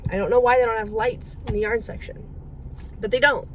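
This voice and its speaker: A young woman with a high, bright-pitched voice, chatting to her camera as a vlogger. She tells her story in a rambling, animated way, full of quick asides. A faint background noise sits under her voice. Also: low-quality recording.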